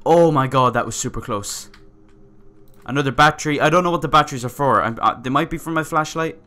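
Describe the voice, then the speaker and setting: Excitable, swearing man playing a game. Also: fairly high pitch, brisk. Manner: excitable, swears often, reads on-screen text aloud. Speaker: gamer playing a survival game. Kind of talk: let's-play commentary.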